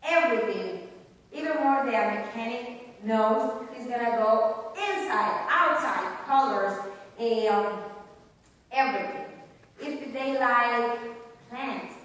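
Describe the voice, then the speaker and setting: High-voiced woman teaching in an echoey hall. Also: slow pace. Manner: lively, acts out children's voices in quotes. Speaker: church teacher on autism. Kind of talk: church teaching talk. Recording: echoey hall from far off with noise.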